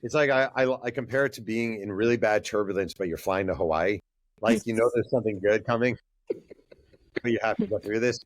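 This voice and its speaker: Lively lower-voiced male author telling stories. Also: brisk, no echo, studio quality. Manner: lively storyteller who acts out dialogue and uses many fillers. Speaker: author, podcast guest. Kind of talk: casual interview storytelling.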